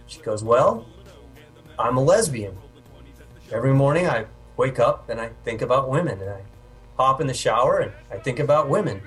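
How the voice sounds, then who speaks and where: A man co-hosting a podcast drives a long, crude bar joke with steady, mid-pitched delivery. He laughs easily through the banter, and soft music sits faintly underneath. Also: husky. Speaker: podcast co-host. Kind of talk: casual chat, telling a long joke.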